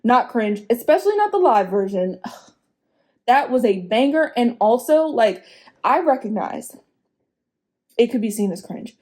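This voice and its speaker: A woman's voice: measured pace, pauses often. A woman giving casual, opinionated commentary as a vlogger, frank and chatty, laughing and swearing as she goes. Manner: lively pitch swings for emphasis.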